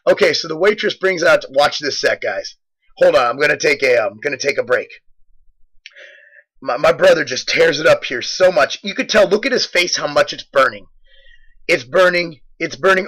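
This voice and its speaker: Young male fitness vlog host, boastful, jokey storyteller, bright tone. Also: fairly high pitch, expressive, normal speed, poor audio. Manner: joking, boastful, rambling storyteller. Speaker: fitness supplement company host. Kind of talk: casual gym vlog commentary.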